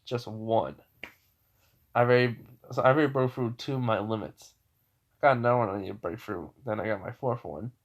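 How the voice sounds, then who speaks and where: A man's voice: medium pitch, brisk, natural voice. Man voicing a cocky young male fighter, matter-of-fact, plain storytelling voice. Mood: confident.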